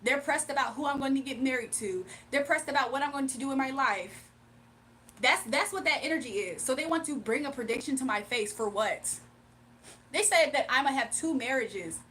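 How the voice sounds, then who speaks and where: A woman's voice: high-pitched, a little fast, fairly bright tone, slight background noise. A woman hosting a casual livestream, sassy and exasperated as she answers chat comments. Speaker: livestream host reading chat.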